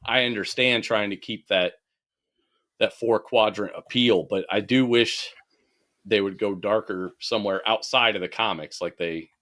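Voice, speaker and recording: Bright-voiced man ranting in casual chat. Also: on the low side, normal speed. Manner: animated, swears freely, ranting. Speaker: podcast co-host.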